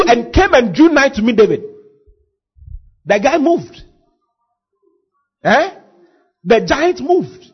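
A husky-voiced man preaching a sermon as pastor, acting out scenes and shouting at the peaks. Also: high-pitched, dull audio.

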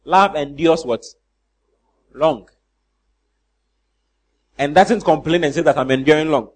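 Animated pastor, high voice. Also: male voice, a little slow, breathy edge. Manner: animated preaching with rhetorical questions to the congregation; mimics church members in comic voices. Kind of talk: sermon.

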